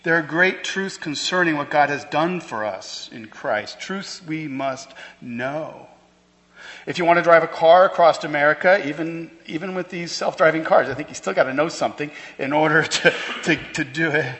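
A man's voice: on the high side, normal speed, fairly bright tone. A pastor preaching a sermon to his church, emphatic and conversational, with rhetorical questions. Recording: long hall reverb.

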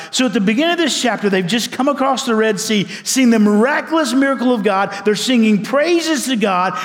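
A man preaching a sermon as a pastor, swinging between loud emphasis and hushed, quiet passages. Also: high-pitched, long reverb tail.

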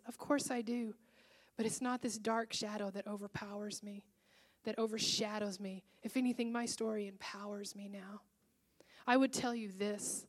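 A woman pastor preaching to a congregation in a church, telling a personal story in an earnest, emotional way. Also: on the high side. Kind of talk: sermon with personal testimony.

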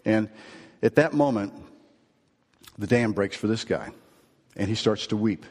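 A male pastor giving an earnest sermon, telling a story, then rising to emphatic points and dropping low and slow. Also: a little mellow. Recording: long reverb of a large hall.

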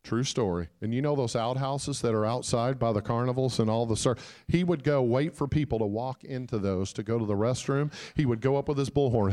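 A man giving a sermon as a guest preacher, telling a story and calling out to the congregation, moving between loud shouts and hushed quiet. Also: mid-range voice, a little fast. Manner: calls out to the congregation.

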